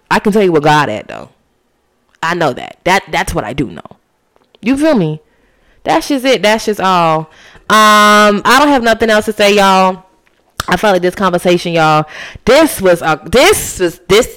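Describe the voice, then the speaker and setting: A woman hosting a solo podcast, talking casually and preaching with emphasis straight to her listeners. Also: lowish voice. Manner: casual and chatty, often says "y'all" and "honey". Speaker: podcast host.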